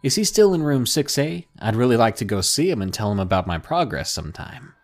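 A man's voice: mid-range voice, big pitch swings, normal speed, faint music behind. A man voicing an awkward, overeager eighteen-year-old man who is pushy and overly friendly. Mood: eager.

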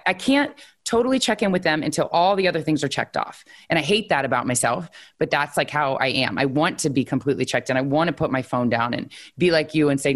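A woman hosting a podcast who talks candidly in a casual conversation and openly doubts herself. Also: low voice. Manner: candid, self-doubting, emotional. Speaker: podcast host.

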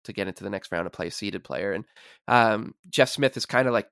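Male podcast guest, low voice, dry sound, rambling storyteller. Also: fairly quick, creaky, fairly bright tone, dry recording. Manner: rambling, repeats words, many likes. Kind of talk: casual sports podcast chat.

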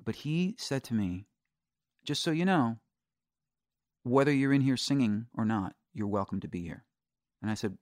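A man's voice: mid-range voice, animated, fairly quick, darkish tone, no echo, clean studio sound. A middle-aged man, a singer-songwriter guest, telling candid stories in a casual interview, restarting sentences and swearing freely.

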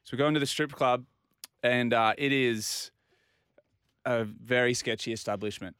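An Australian man telling a long, animated anecdote on a casual talk show and acting out the other people's lines. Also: medium pitch, normal speed, smooth, dry recording, clean studio sound. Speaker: regular guest. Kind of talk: casual storytelling.

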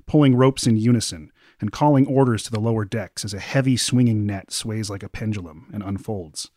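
A man running a tabletop fantasy game, his voice warm and mellow as he paints each scene in measured detail. The sound is close and dry, with no room around it. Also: lowish voice, no room sound. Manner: descriptive, measured narration. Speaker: game master.

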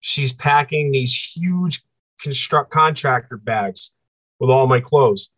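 A man's voice: medium pitch, takes it slowly, a bit bright, no echo. A man as a podcast guest, telling a personal story with intensity, repeating phrases and acting out what people said. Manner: intense, repeats phrases, acts out quoted dialogue.

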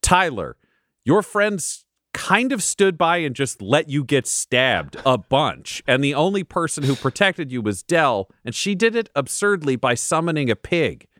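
A man's voice: on the high side, very animated, unhurried, fairly bright tone, no room sound, clean studio sound. A man narrating a tabletop game as dungeon master, playful and dramatic.

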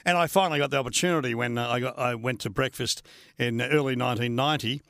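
A man's voice: mid-range voice, fast, fairly bright tone, no echo, studio quality. An older Australian man and former radio host, telling stories in a chatty way with laughs and many restarts. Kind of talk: casual storytelling interview.

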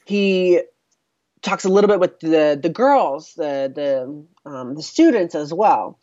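Low-voiced woman chatting casually. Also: expressive, slow pace, warm tone, dry recording. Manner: chatty, with many fillers and laughs. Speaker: podcast co-host. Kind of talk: casual chat recapping a film. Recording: dull, lo-fi sound.

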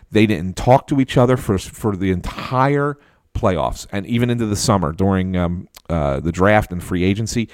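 A man co-hosting a podcast, telling a long anecdote in a casual, animated way with frequent restarts. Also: on the low side, dry recording, studio quality. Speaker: podcast co-host. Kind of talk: casual storytelling chat.

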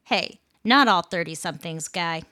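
A woman's voice: fairly low pitch, lively intonation, normal speed, pushed and bright, dry recording, studio quality. A woman in her thirties hosting a ranting commentary show, indignant, blunt and sarcastic. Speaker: host.

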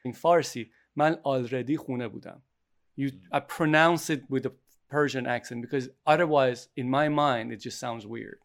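A man's voice: medium pitch, normal speed, a bit bright. A man co-hosting a casual chat, playful and arguing his points at length. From Iran. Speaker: podcast co-host.

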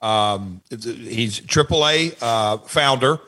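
A man's voice: medium pitch, slow pace, bright, forceful tone. A man speaking as a podcast guest, telling stories in a rambling way with many repeats and restarts. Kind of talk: casual interview chat.

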